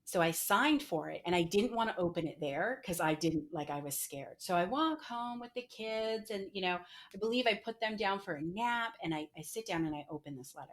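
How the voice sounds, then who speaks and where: A woman's voice: mid-range voice, animated, moderate pace. A middle-aged woman, a podcast guest, candidly telling a personal story with many "like" fillers. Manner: frequent "like" fillers, emotional retelling.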